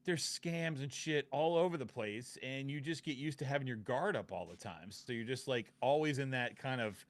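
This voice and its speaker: A man co-hosting a podcast, chatting casually and acting out quick quotes. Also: dry recording. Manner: laid-back, acts out quotes with lively pitch. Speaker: podcast co-host. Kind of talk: casual chat.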